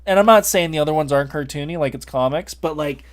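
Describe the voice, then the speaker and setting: A man's voice: a little high, quick pace. A man in his late thirties hosting a podcast, telling a rambling, self-mocking story with laughs. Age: late 30s. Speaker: podcast host. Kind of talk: casual podcast chat.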